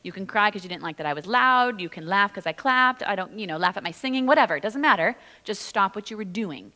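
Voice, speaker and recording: A woman's voice: medium pitch, lively intonation, quick pace, pushed and bright, long reverb tail. A woman pastor teaching in a casual, chatty way, full of "like" and "you know". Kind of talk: conversational church teaching. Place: church sanctuary.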